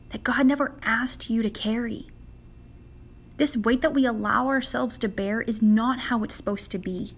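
A woman's voice: fairly high pitch, normal speed, husky. A young woman hosting a devotional podcast for women, speaking in an earnest, conversational way. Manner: earnest and conversational, acts out quoted prayers. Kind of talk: casual devotional talk.

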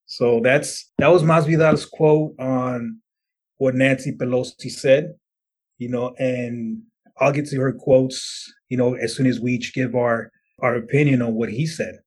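A man casually walks through a news story and adds his own view in loose podcast talk. His voice is mid-pitched with a husky grain, and he leans on "you know" and "pretty much" as he goes. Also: fairly even intonation, a little slow, a little mellow. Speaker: podcast co-host.

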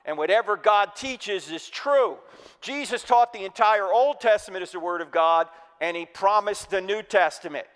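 Male church speaker from New Jersey, lively, quizzes the crowd, higher voice, reverberant hall. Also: moderate pace, clean tone. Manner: energetic, joking, quizzes the audience. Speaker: Christian speaker. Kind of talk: humorous apologetics sermon.

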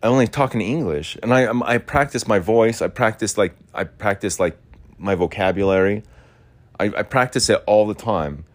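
Young guy from the us, deep low voice, rambling podcast talk, tons of "like" and cussing. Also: normal speed. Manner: rambling, loose, full of "like" fillers and swearing. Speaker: podcast host. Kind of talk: casual rambling monologue.

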